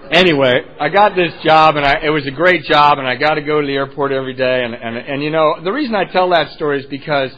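A man tells his own recovery story with lively, self-mocking humor, often breaking into laughter at himself. His voice sits fairly high. The recording is muffled and lo-fi. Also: a little hiss or hum. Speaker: speaker sharing his recovery story at a meeting. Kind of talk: personal storytelling talk.

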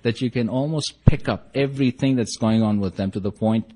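A man's voice: mid-range voice, a little fast, dark tone. A man sharing his own story with a group, wry and self-mocking, acting out the lines of the people in it. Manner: acts out quoted dialogue. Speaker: speaker sharing his story at a support meeting.

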